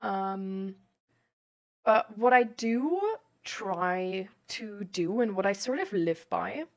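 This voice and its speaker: Speaking slowly in a medium pitch, this young streamer responds to questions from chat. She rambles casually, packing "like" and "um" into every phrase.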